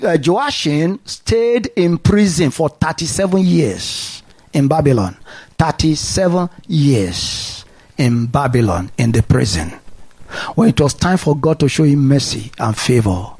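High-voiced preacher, animated delivery. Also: male voice. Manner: animated preaching with call-and-response. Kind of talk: sermon.

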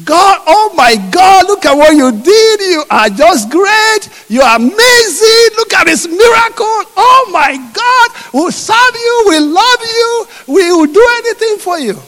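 A man playing a crowd of complaining Israelites in a sermon, shouting and whining. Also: very high voice, huge pitch swings, moderate pace, hardly any pauses, voice pushed up, heavily acted. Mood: ecstatic praise. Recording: echoey hall.

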